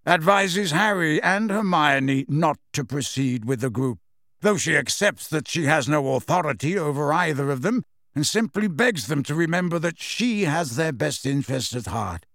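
A man voicing a wry, teasing grown man in an audiobook reading, delivered with lively intonation. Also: on the high side, normal speed, dry recording, clean studio sound. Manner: teasing, self-assured.

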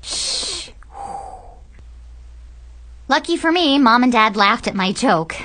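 A young adult woman reading a comic first-person story aloud as an audiobook narrator, animated and playful in delivery. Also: a little high, moderate pace, slight background noise.

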